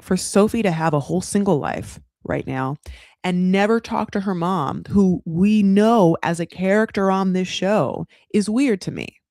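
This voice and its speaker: A woman hosts a reality TV recap in a casual, sassy way. She talks in animated bursts and swears freely. Her voice sits in a middle register, and the sound is dry and close. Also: mid-range voice, no room sound.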